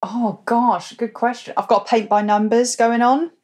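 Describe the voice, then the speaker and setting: A woman's voice: on the high side, fairly even intonation, unhurried, darkish tone. A woman co-hosting a casual podcast, upbeat, laughing often and filling her talk with "you know". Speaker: co-host.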